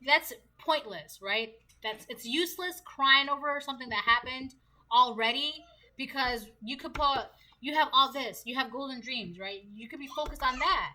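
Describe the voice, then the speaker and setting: A woman's voice: high-pitched, moderate pace, bright, forceful tone, low-quality recording. A woman giving a casual tarot reading to her viewers, chatty and repetitive, often asking rhetorical questions. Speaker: tarot reader.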